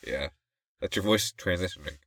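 A man's voice: low voice, normal speed, fairly bright tone, dry recording, clean studio sound. A man co-hosting a casual podcast, musing aloud in loose, rambling sentences that sometimes trail off. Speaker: podcast co-host.

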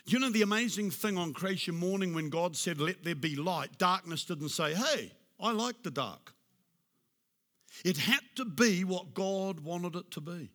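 A pastor preaching a sermon, emphatic, rising to loud declarations and dropping to a soft, hushed prayer. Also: male voice, sits high, lively intonation, a little slow.

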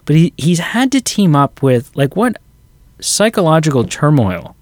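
A man's voice: fairly high pitch, sing-song, unhurried, no echo. A man co-hosting a podcast, chatting casually about a film and retelling scenes with quoted lines. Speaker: podcast co-host. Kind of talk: casual movie review chat.

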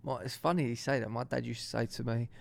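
A man's voice: medium pitch, steady tone, fast talker, vocal fry. A young man co-hosting a podcast in casual chat, laid-back and joking, with plenty of slang. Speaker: podcast co-host.

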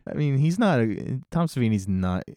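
A man's voice: medium pitch, sing-song, normal speed, warm tone, slight background noise. A man casually discussing a movie on a podcast, rambling and retelling scenes with laughs. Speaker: podcast host.

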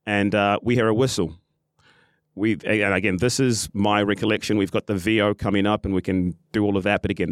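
A man's voice: fairly low pitch, no room sound. A man hosting a podcast, telling a story in casual chat, full of ums and restarts and acting out what people said. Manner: animated, acts out quotes, many ums and restarts. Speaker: podcast host and football club official.

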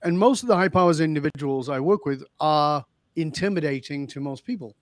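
A man telling stories from his consulting work in a podcast interview, acting out each line of dialogue with animated emphasis. His voice sits a little high and the sound is dry and close, with no room. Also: brisk, no room sound. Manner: animated, acts out quoted dialogue. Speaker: leadership consultant.

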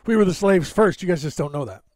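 A man's voice: sits high, lively intonation, fast talker, a little mellow, dry recording. A man hosting a live podcast stream, chatting casually and rambling with many fillers and restarts. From United States. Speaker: podcast host. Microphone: camera on a box, live stream.

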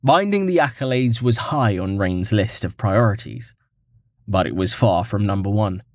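A man narrating a fantasy novel in a measured, expressive reading. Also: fairly low pitch, no echo, clean studio sound. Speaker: audiobook narrator.

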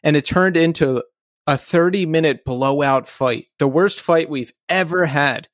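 A man's voice: a little high, measured pace, no room sound, studio quality. A man hosting a podcast, chatting casually in a joking, teasing way. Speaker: podcast host. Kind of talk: casual chat.

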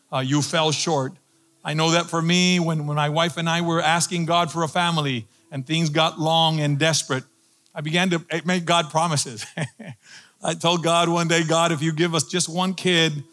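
A middle-aged man preaching a sermon as pastor, animated, his voice climbing high on emphasis.

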